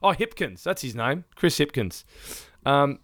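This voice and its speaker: A man's voice: mid-range voice, big pitch swings, a little slow, a bit bright, no room sound, studio quality. A man co-hosting a podcast in casual chat, ranting and swearing freely, often laughing mid-sentence. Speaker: podcast co-host.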